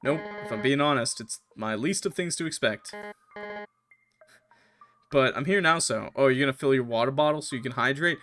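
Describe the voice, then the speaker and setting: A man streaming a game, reading the characters' lines aloud in put-on higher voices between joking and swearing. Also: expressive, normal speed, long pauses, a bit bright. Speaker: gaming streamer. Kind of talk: let's play with voiced dialogue reading. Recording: music playing behind the voice. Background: game music.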